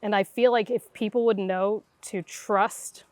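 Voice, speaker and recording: A middle-aged woman appearing as a guest intuitive tells her story in conversation, speaking in a mid-range voice at a measured pace with no room sound. She is animated and acts out the voices of the people in it, performing their quoted dialogue.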